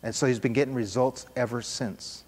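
A man preaching a sermon, telling a story with animated, emphatic repetition. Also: mid-range voice, moderate pace, slightly rough, long reverb tail.

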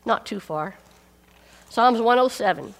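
A woman's voice: on the high side, lively intonation, measured pace, vocal fry. A woman preaching a sermon, emphatic and repeating key phrases for weight. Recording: long hall reverb.

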